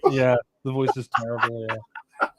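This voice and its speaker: A man's voice: mid-range voice, level tone, unhurried, noisy background. A man doing casual film commentary, blunt and offhand, often restarting sentences.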